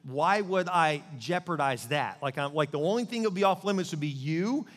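A man's voice: fairly high pitch, lively intonation, normal speed, a bit bright, in a large hall. A preacher voicing an earnest, upright young male servant who speaks eagerly.

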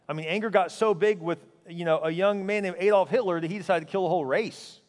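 A man preaching as a pastor, earnest and emphatic, often sinking to a quiet, intense tone. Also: sits high, fast talker, in a large hall. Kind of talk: sermon.

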